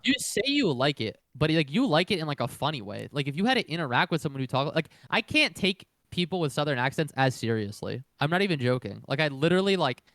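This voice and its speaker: A man's voice: fairly high pitch, big pitch swings, quick pace, hardly any pauses, a bit bright, no room sound. A young man co-hosting a podcast in casual chat, blunt and profane, rambling through stories. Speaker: podcast co-host.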